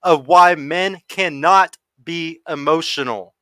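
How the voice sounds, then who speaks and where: An American man hosting a dating podcast, arguing forcefully, swearing often and talking over his guests. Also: fairly high pitch, takes it slowly, clear, resonant tone, dry recording. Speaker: host. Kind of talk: heated panel debate.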